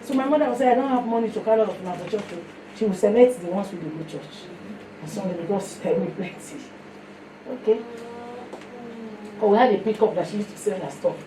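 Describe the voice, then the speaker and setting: A woman with a Nigerian accent giving a sermon mixed with her own testimony, telling stories in an animated way. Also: medium pitch, fairly quick, long pauses. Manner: storytelling, animated, breaks into song. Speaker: fellowship speaker. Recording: echoey room, mic heard from a distance, faint noise.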